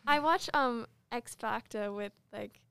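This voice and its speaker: A woman's voice: on the high side, unhurried, vocal fry, fairly bright tone, clean tone, no echo. A teenage girl putting on an Australian accent for a playful podcast persona, chatting about Disney. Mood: chatty. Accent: Australian (put on). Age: teens. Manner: playful, chatty, mock-serious. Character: put-on Australian version of herself, a Disney-loving teen girl.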